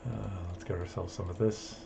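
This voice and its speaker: A man's voice: low voice, steady tone, a little fast, vocal fry, noisy background. A man chatting through live gameplay commentary, self-amused and handing out jokey tips. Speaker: streamer.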